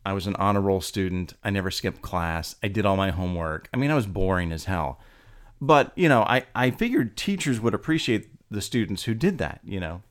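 A man casually telling a personal story, animated and laughing often, his voice rising as he gets indignant. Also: sits low, a little fast.

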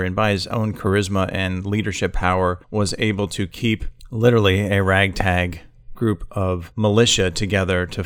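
A man co-hosting a podcast, talking in a relaxed, reflective way with playful banter. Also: fairly low pitch, dry recording, studio quality. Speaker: podcast co-host. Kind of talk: casual conversational podcast.

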